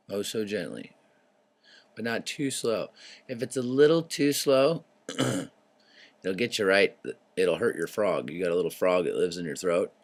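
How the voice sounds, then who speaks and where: Deep-voiced man rambling off-topic. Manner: wandering, tangent-prone, swears freely, clears throat often. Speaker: show host. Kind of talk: rambling casual monologue.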